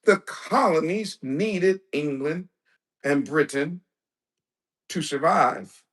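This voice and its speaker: A male preacher giving a lecture-style sermon, emphatic, asking rhetorical questions and breaking into bursts of shouting. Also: on the high side, lively intonation, takes it slowly. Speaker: preacher and teacher.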